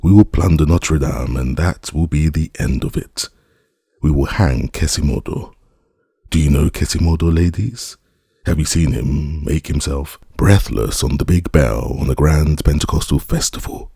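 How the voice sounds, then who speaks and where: A man's voice: rumbling low, moderate pace, vocal fry, warm tone, husky, no room sound, studio quality, heavily acted. A man voicing a boastful young male rogue in armor in an audiobook, with rowdy, swaggering declamation.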